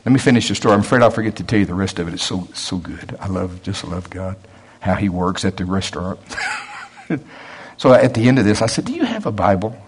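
A middle-aged male preacher tells a story from the pulpit in a folksy, chatty way. His low voice is a little husky, and his pitch swings widely as he acts out each side of the conversation, with frequent chuckles. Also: sing-song, fast talker. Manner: folksy, acts out both sides of the dialogue; chuckles often. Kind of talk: storytelling sermon.

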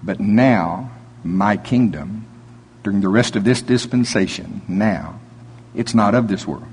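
A man preaching a sermon, reading scripture slowly with emphasis and rising into animated preaching. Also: lowish voice, husky.

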